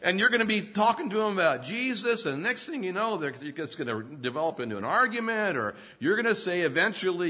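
Husky, lively middle-aged preacher. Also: male voice, high voice, a little fast, hardly any pauses. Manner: animated storytelling with self-deprecating humor; laughs often mid-sentence. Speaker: pastor. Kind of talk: sermon.

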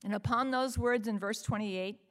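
A woman's voice: fairly high pitch, moderate pace, fairly bright tone. A woman preaching a sermon in an earnest, emphatic way, often asking the listeners rhetorical questions.

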